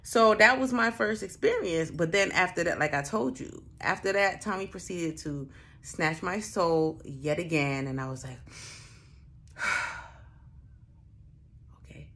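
A young woman telling a story in casual chat, animated and profane, acting out the people in it. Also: fairly low pitch, measured pace, long pauses. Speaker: storyteller host.

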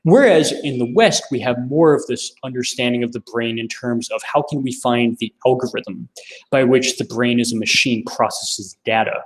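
A man's voice: medium pitch, moderate pace, low-quality recording. A young American man giving an informal philosophy lecture, thinking aloud with frequent restarts and fillers.

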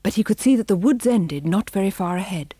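A woman narrating a children's storybook audiobook with a measured, expressive reading. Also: medium pitch, breathy edge, no echo.

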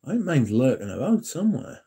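A man hosting a casual livestream, reading and answering chat in a relaxed, yawning way. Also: mid-range voice, fairly quick, husky. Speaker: livestream host.

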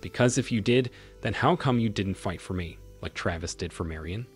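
A man voicing a hurt ex-wife who pleads softly and whines, in a storybook reading. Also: on the low side, normal speed, slightly rough, faint music behind. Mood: pleading. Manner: soft, whining.

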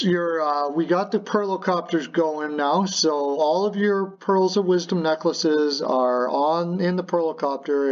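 A man with a fairly high voice hosts a casual hockey rumour show from his home apartment, and the audio is dull. He's playful and jokey, rambling along with plenty of filler words.

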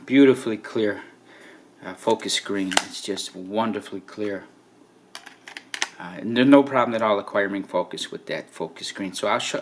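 Low-voiced man walking through a camera. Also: a little hiss or hum. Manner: relaxed, conversational, frequent "right?" and "okay". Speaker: camera reviewer. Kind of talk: casual hands-on camera walkthrough.

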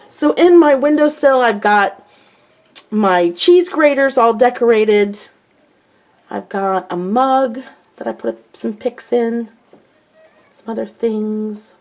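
A woman's voice: fairly high pitch, takes it slowly, pauses often. An older woman chatting casually through a home tour of her kitchen, rambling and self-mocking.

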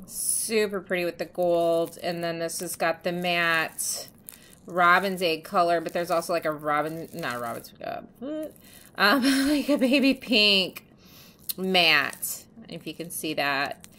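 A woman's voice: on the low side, measured pace, bright, forceful tone. A woman talking casually to her camera in a home vlog, chatty and gushing, with many ums. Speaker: vlogger. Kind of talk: casual show-and-tell vlog. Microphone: camera mic.

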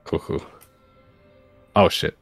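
A man's voice: slow, dry recording, soft background music. A man taking part as a player in a tabletop role-playing game over a voice call, speaking hesitantly with many ums and restarts.

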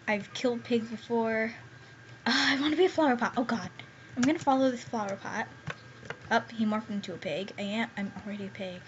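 A young woman giving excitable gameplay commentary as a gaming YouTuber, squealing and pleading when scared. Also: fairly high pitch. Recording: dull lo-fi home recording with faint hiss.

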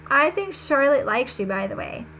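A woman's voice: high-pitched, sing-song, normal speed, a bit bright, a little hiss or hum. A woman reading the lines of a kind, brave schoolgirl in a storybook reading. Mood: earnest.

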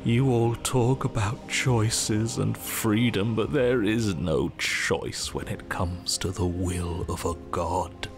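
A man voicing an ominous, doom-saying voice in a horror game, speaking slowly and portentously. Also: on the low side. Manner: slow, portentous. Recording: game audio with loud music behind.

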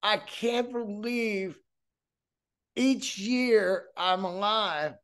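A man's voice: high-pitched, extremely slow, fairly bright tone, clean tone. A man in his fifties hosting a solo podcast, telling rambling, profane stories and acting out voices along the way. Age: 50s. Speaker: podcast host.

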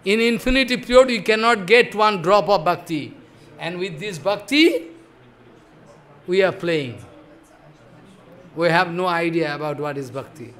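A man delivers a devotional sermon in a high, bright voice. He is emphatic and questioning, repeating points and checking that listeners follow. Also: expressive, unhurried, long pauses. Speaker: spiritual teacher.

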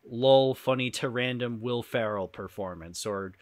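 A man's voice: medium pitch, a little slow. A man co-hosting a podcast, chatting casually about movies and rambling with many fillers and restarts. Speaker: podcast co-host.

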